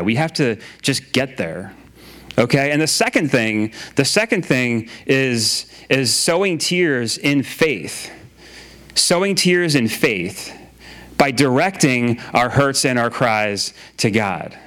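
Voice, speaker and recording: A man's voice: medium pitch, expressive, slow pace, a bit bright. A man preaching a sermon in a casual, conversational way, often repeating his phrases and using filler words. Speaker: pastor.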